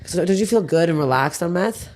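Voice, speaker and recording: A woman hosting a comedy podcast, telling stories in a casual, profane, animated way. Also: lowish voice. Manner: profane, rapid, animated storytelling. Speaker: podcast host. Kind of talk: casual comedic chat and storytelling.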